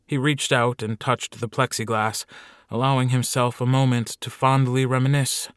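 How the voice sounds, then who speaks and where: A man's voice: mid-range voice, level tone, normal speed, a bit bright, clear, resonant tone, no echo, studio quality. Man narrating a wry audiobook. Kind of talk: scripted narration.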